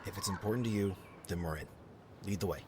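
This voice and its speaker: An actor playing a steady man on a road trip, with a dry, wry way of talking. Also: deep voice, quick pace, lightly acted. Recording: background hiss.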